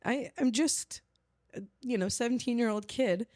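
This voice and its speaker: A woman's voice: a little high, normal speed, darkish tone. A woman in her forties from the American Midwest, a podcast host telling a story in a chatty, emotional way. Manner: chatty, emotional, acts out quotes. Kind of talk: casual conversational storytelling.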